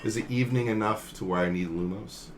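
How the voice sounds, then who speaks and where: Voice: medium pitch, fast, a little hiss or hum. A player in a tabletop game, describing actions hesitantly and thinking aloud.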